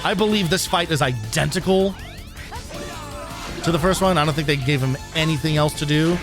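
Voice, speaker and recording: A man giving casual, animated commentary while streaming a game, swearing freely and laughing easily. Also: a little high, normal speed. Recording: game music behind the voice. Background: game music.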